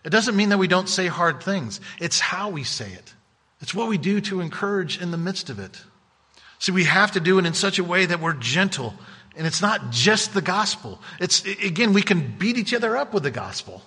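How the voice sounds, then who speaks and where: A man's voice: high voice, very animated, moderate pace, pushed and bright, slightly rough, in a large hall. A man preaching a sermon as pastor, earnest and emphatic, often restarting his phrases.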